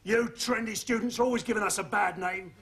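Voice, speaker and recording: An actor playing a grumpy, gruff policeman with a British accent. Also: sits high, steady tone, a little fast, very noisy, close to an everyday voice. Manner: gruff, threatening.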